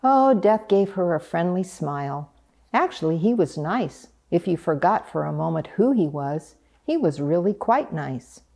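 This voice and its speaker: A woman reading a picture book aloud in a gentle, unhurried way. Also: on the low side, sing-song, vocal fry. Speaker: storyteller.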